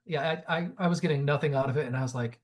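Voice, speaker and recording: A man's voice: a little high, very fast. A man hosting a podcast in casual chat, jokey and opinionated, swearing now and then. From Great Lakes region of the US. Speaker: podcast host.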